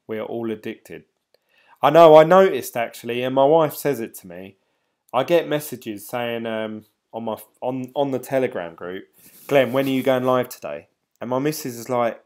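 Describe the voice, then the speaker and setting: A man's voice: mid-range voice, a little slow, pauses often, darkish tone. A middle-aged man from England, chatting casually to viewers on a live stream, rambling and laughing between ums.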